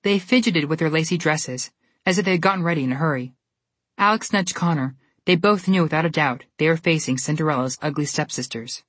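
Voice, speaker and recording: A woman narrating a storybook in a steady, even reading manner. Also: low-pitched, a little fast, no echo.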